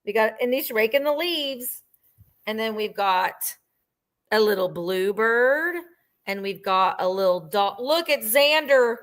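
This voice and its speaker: A woman's voice: on the high side, lively intonation, a little slow, a bit bright. A middle-aged woman hosting a live vintage sale, chatting casually and gushing as she describes each item at length.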